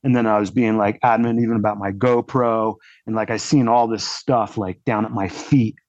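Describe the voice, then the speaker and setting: A man's voice: on the low side, fairly even intonation, normal speed, darkish tone, dry recording. A man, a podcast guest, telling his story casually and rambling, with lots of "like" fillers. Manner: rambling, heavy use of "like" fillers. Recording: dull lo-fi dry audio.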